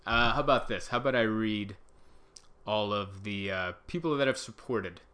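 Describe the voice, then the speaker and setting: A man doing a casual comedic monologue, rambling and exasperated, jumping into high mock outbursts. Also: moderate pace, pushed and bright, clean tone. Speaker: comedian host.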